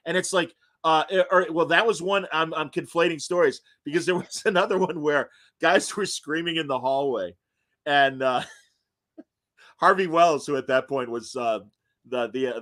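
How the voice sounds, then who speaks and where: Laughing man telling animated stories. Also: fairly high pitch. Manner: animated storyteller, laughs often, acts out quotes. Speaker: podcast host. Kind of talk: casual reminiscing chat.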